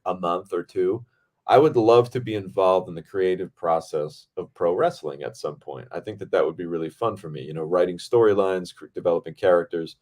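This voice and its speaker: A man with a fairly low voice chats on a podcast about his days on set. He talks in an excitable, animated way and swears freely as the story builds. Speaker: podcast host and film director. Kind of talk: casual storytelling chat.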